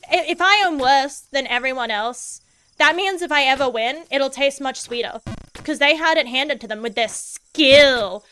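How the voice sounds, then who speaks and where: A woman's voice: high-pitched, bright, forceful tone, slight background noise, rough recording. A woman streaming a game as a VTuber, chatting casually in a goofy, laid-back way and swearing freely.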